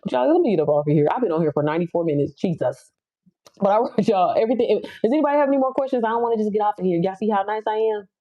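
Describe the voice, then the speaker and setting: A woman, chatting casually and bluntly with viewers on her livestream, laughing often and jumping up high for emphasis. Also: expressive, racing. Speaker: livestream host. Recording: slightly dull lo-fi audio.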